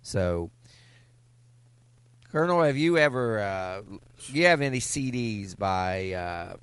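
Picture a man with a fairly low voice co-hosting a loose comedy podcast. He reads biography notes aloud and trips over filler pauses as he goes. His voice sounds dry and close to the mic, with no room around it. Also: lively intonation, a bit bright, clean tone, dry recording. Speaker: podcast co-host. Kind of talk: casual comedic podcast chat, reading a biography.

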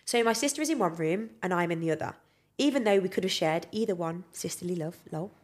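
A woman's voice: on the low side, fast. A young woman co-hosting a podcast, reading out listener ghost stories with lots of feeling and frequent swearing and laughter. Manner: expressive, swears freely, laughs often. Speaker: podcast co-host.

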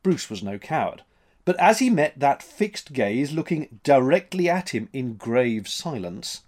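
Man reading a spooky sea story aloud, husky voice, lots of rise and fall. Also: on the high side, measured pace. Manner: expressive, dramatic. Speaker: narrator.

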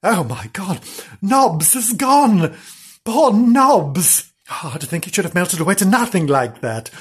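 A greedy, dismissive female cat, as a woman reads her scoffs in a quick, brisk voice. She brushes others off with impatience. The storybook voice is husky. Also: medium pitch, big pitch swings, pitched above the performer's own voice, full character voice. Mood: scornful.

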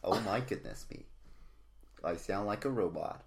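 A man doing a deliberately bad impression of an upbeat American TV travel host, in a stiff, robotic put-on accent. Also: low voice, animated, creaky, pitched below the performer's own voice, exaggerated voice. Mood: mock cheerful. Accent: poor American accent put on.

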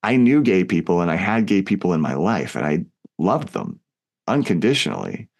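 A man's voice: big pitch swings, normal speed. A man co-hosting a film podcast, talking casually and reflectively about a movie and his own past. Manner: reflective, acts out quoted lines with big pitch jumps.

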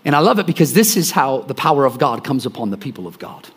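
A man's voice: mid-range voice, very animated, fast talker, breathy edge. A man preaching a sermon in a conversational way, often repeating words and checking in with the listeners. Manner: conversational, repeats phrases, acts out scenes.

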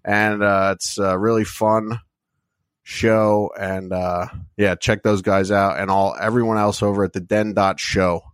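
A man hosting a podcast, chatting in a relaxed, laid-back way and plugging sponsors. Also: fairly low pitch, measured pace, clear, resonant tone, dry recording. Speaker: podcast host. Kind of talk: casual chat with sponsor plugs.

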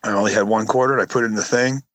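A man's voice: steady tone, very fast, fairly bright tone, no echo, poor audio. A man in his forties co-hosting a casual podcast, telling rambling stories and acting out quotes in a raised voice. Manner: rambling storyteller, acts out quotes in a high voice. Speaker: podcast co-host. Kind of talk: casual chat.

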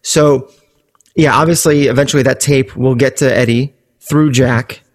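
A man's voice: mid-range voice, fairly even intonation, normal speed. A man co-hosting a music podcast, chatting casually with jokey asides and rambling tangents. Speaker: podcast co-host.

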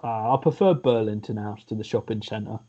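A man's voice: lowish voice, a little fast, warm tone. Man, casual podcast chat, rambling jokey stories, slightly muffled sound. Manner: joking, rambling storyteller.

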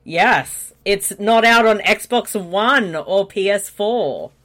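A female podcast co-host reacting bluntly and excitedly during a movie commentary, swearing freely. Her voice is animated and swings widely in pitch. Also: slow pace. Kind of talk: casual movie commentary chat.

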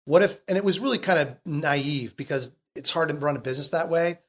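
A middle-aged man telling stories as a guest in a casual interview, blunt and animated, swearing freely. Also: fairly high pitch, fairly quick. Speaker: entrepreneur guest.

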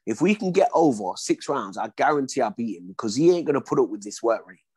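Animated ex-boxer telling stories. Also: male voice, mid-range voice, fast talker, husky, no room sound. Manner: animated, acts out quoted dialogue, repeats "you know what I mean". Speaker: guest, former boxer. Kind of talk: casual storytelling interview.

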